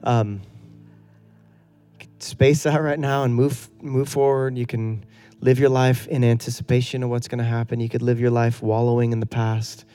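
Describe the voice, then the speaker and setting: A man's voice: mid-range voice, flat delivery, moderate pace, mellow, clear, resonant tone, faint music behind. A middle-aged male pastor delivering an earnest, conversational sermon full of rhetorical questions.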